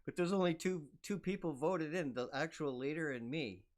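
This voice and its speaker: An older man talking casually. He speaks softly and humbly, agreeing easily as he reflects aloud. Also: on the high side, normal speed. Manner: soft-spoken, humble, agreeable. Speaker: musician guest. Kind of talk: casual conversation.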